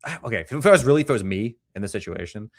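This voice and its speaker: A man with a lowish voice rattles through a show review at a rapid clip. He gets excitable and profane, now and then breaking into loud outbursts. His voice is recorded dry and close. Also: no echo. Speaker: podcast co-host. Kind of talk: casual chat.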